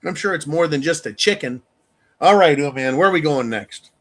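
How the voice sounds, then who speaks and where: A man hosting a live-stream rant, angry and profane, with sudden loud outbursts. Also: fairly high pitch, animated, normal speed. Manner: angry, profane, shouting bursts. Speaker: channel host.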